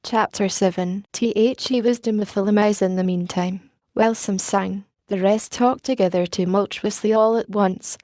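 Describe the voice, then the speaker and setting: A woman narrates a classic novel in a calm, even reading voice. Her tone is mellow and her pitch sits mid-range. The recording is dry, with no room sound. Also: moderate pace, hardly any pauses, dry recording. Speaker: audiobook narrator. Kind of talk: scripted narration.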